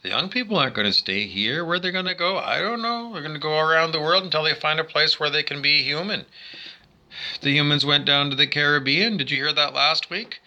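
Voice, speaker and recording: A man's voice: a little high, expressive, a little fast, sharp tone. A man delivering a rambling monologue as a spiritual vlogger, talking indoors by a window, insulting listeners and repeating "I don't know" over and over. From Canada.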